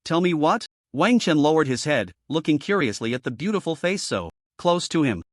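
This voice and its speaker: A man reading a scripted story recap in an even storytelling cadence. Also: a little high, a little fast, no echo, studio quality. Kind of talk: scripted narration.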